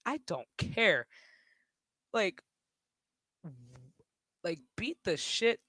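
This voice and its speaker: A man on a livestream, talking slowly in a bright, forceful voice. He rants crudely and mocks people, often laughing at his own remarks. The sound is dry and close. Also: a little high, no room sound. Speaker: streamer. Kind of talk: casual livestream rant.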